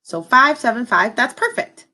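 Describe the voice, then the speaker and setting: A woman's voice: fairly high pitch, very animated, moderate pace, bright, forceful tone. A woman teacher talking students through a lesson in an upbeat, encouraging way. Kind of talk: recorded classroom lesson.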